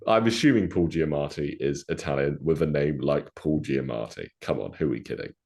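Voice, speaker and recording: Very deep-voiced playful young man. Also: a little fast, vocal fry, a little mellow. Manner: playful, jokey, rambling. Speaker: podcast co-host. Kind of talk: casual chat.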